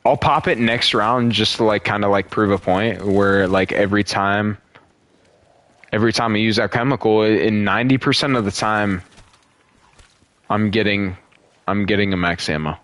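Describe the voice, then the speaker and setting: A man's voice: on the low side, normal speed, fairly bright tone. A young man streaming a zombie shooter and chatting casually with a friend, rambling, swearing freely and laughing often. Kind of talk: casual gaming chat.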